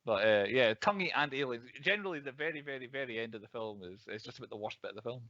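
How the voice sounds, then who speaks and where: A man's voice: mid-range voice, animated, quick pace, pushed and bright, dry recording. A man co-hosting a casual film podcast, chatty and laughing often, stumbling over his words. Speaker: podcast co-host. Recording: slightly dull lo-fi dry sound.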